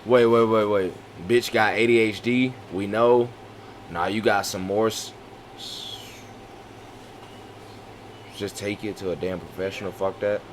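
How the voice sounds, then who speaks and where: A man in his twenties chatting on a livestream at home, loud and profane, trash-talking his chat. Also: fairly low pitch, steady tone, a little slow, pauses often, slight background noise. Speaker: streamer.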